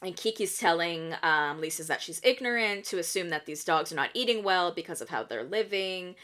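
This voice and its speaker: A woman's voice: on the low side, animated, brisk, sharp tone. A woman hosting a podcast and recapping reality TV in casual chat. She talks in a chatty way, laughs often and swears freely. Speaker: podcast host.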